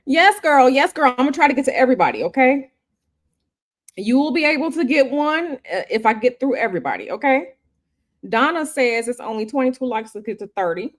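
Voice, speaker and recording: A woman's voice: high voice, animated, fairly quick. A woman hosting a tarot livestream from a hotel room, talking casually and chattily to her viewers and repeating herself often. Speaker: tarot reader and livestream host.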